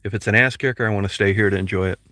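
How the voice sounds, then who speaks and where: A man's voice: fairly low pitch, fairly even intonation, rapid-fire, sharp tone, no echo. A man vlogging casually while he drives his van, rambling and chatting to his dog and his viewers. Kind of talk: casual vlog while driving. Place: inside a van on a road trip. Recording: car noise under the voice. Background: car and road noise.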